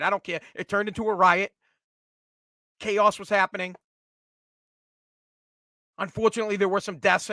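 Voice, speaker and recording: Brief: a blunt male pundit, forceful and bright, swearing freely. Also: high voice, no room sound, studio quality. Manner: blunt, profane, heated. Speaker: commentator. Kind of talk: opinionated solo commentary.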